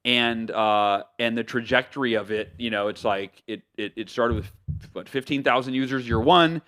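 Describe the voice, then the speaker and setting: A man from the United States, an author, telling stories as a podcast guest in an animated way, with lots of fillers and restarts. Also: mid-range voice, moderate pace. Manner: animated, loose talk with many fillers and self-corrections. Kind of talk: casual storytelling interview.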